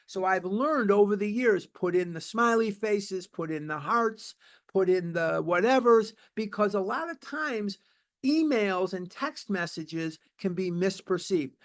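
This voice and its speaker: A man's voice: sits high, animated, unhurried. Emphatic man leading a recovery study. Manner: emphatic, repetitive, conversational. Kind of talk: informal teaching talk.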